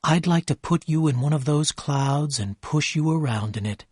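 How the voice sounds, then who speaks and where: Storybook: man voicing an excitable young woman, high and breathless, dry close read. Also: normal speed, slightly rough, dry recording. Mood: gushing. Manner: breathless gushing exclamations.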